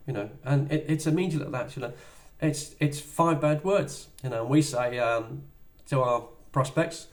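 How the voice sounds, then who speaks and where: A man's voice: fairly high pitch, normal speed, darkish tone. A middle-aged man giving a motivational sales talk in a chatty way, acting out little dialogues as he goes. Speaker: business trainer.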